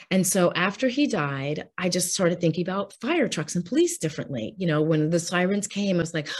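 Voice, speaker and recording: Woman, slightly low-pitched, guest author, candid interview talk, earnest, heartfelt. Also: normal speed. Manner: earnest, heartfelt, speaks openly about grief.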